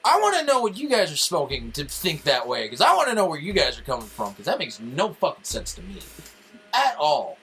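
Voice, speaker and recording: A man's voice: a little high, sing-song, a little fast, pushed and bright, soft background music, low-quality recording. Heated, profane young man ranting. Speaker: podcast co-host. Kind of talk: casual podcast rant.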